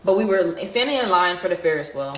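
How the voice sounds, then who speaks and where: A woman's voice: on the low side, lively intonation, fast talker. A young woman casually telling her viewers an emotional story, rambling with many fillers. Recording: distant, very echoey room, faint noise.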